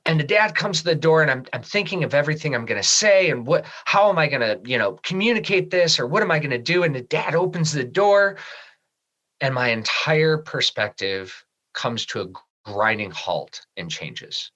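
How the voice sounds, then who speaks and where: A middle-aged man from Michigan telling a personal story as a podcast guest, lively in the telling and falling soft and low at the serious moments. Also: moderate pace, highs cut off. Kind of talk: storytelling in an interview.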